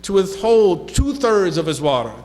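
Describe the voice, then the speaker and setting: His voice sits high and a little mellow, swinging widely in pitch, on a rough recording. He's giving a lecture in a mosque, reading hadith in Arabic and translating into English with loose asides and a quick laugh.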